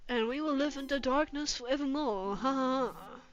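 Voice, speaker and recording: A woman's voice: sits high, moderate pace, lightly acted. Woman hamming up a creepy old vampire man. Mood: gloating. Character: creepy old male vampire claiming a bride. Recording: dull lo-fi with music behind.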